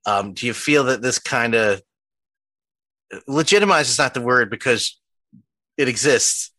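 A man with a Philadelphia accent hosts a casual podcast in a bright, mid-pitched voice. He is chatty and laughs easily, and his questions wander on. His voice sounds close and dry. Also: animated, measured pace, no room sound. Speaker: podcast host.

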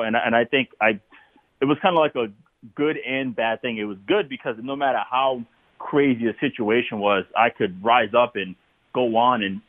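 A man, a former football player, talking as a guest in a casual interview, telling animated stories and laughing often. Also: mid-range voice, dry recording, phone-quality sound.

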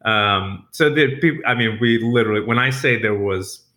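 A chef from New York telling stories in a casual interview, animated and laughing, with frequent restarts. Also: male voice, lowish voice, normal speed.

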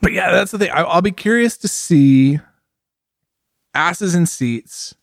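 A man co-hosting a casual podcast, talking fast and acting out other riders' thoughts in short bursts. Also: high-pitched, creaky, no echo, studio quality. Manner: animated, acts out riders' thoughts in quick bursts. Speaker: podcast co-host. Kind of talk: casual motorcycle chat.

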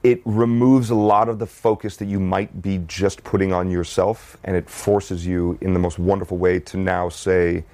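A man's voice: low-pitched, flat delivery, normal speed, hardly any pauses, darkish tone, no room sound. A man talking as a guest in a casual interview, easygoing and rambling, with frequent restarts. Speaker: actor guest.

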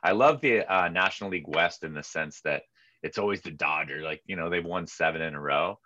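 A middle-aged man co-hosting a sports podcast in casual, chatty talk, full of asides and quick mock voices. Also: no room sound. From California. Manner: chatty, animated, jumps into squeaky mock voices. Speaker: podcast co-host. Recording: dull lo-fi mic sound.

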